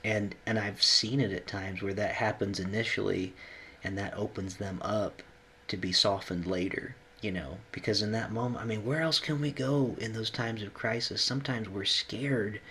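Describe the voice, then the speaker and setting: A man speaking as a hospital chaplain in a low-pitched, earnest voice. He talks reflectively with many pauses and restarts, at times getting choked up. A faint hiss sits under the recording. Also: sharp tone. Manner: earnest, pausing, gets choked up. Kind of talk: reflective conversation.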